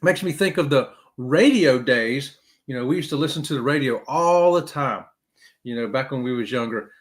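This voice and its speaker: A middle-aged man, hosting a casual live-stream chat and talking straight to his viewers. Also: normal speed. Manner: animated, talks straight to viewers with "y'all", swoops high for emphasis. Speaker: host of a live cruise chat show.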